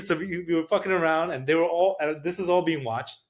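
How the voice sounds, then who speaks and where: A man's voice: a little high, fast, few pauses. A man, a podcast guest telling a story in a casual, profane, streetwise way.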